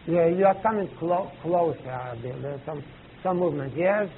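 A man teaching a class, halting and searching for words, with emphatic rising questions to students. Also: a little high. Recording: tinny lo-fi old tape recording with faint hiss.

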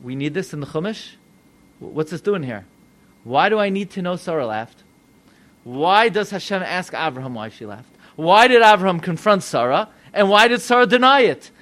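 A rabbi preaching a sermon, animated and full of rhetorical questions to his listeners. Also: sits high, normal speed.

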